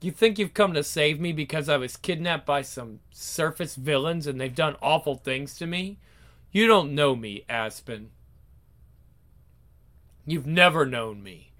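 A man's voice: a little high, a bit bright, voice pushed down. A man voicing a scheming, resentful young male villain who taunts his sister in a story. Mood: sneering. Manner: sneering, taunting, drawn-out delivery.

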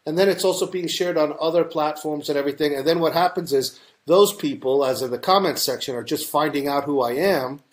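A man's voice: a little high, a little fast, hardly any pauses. A man with a New York accent, a talk-show guest who rambles with many fillers and restarts. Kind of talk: casual talk-show conversation.

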